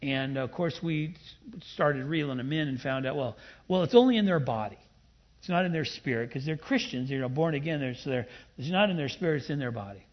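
A man with a somewhat husky, slightly high voice delivers a sermon, punching key words with sudden loud emphasis. He slips in playful asides between points. The recording sounds dull and muffled. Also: expressive, brisk. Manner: emphatic, rising to loud bursts. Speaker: pastor.

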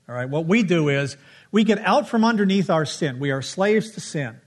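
A man's voice: fairly high pitch, animated, moderate pace. A middle-aged man preaching a sermon with a playful storytelling manner, humming tunes along the way. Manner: storytelling, playful, hums melodies.

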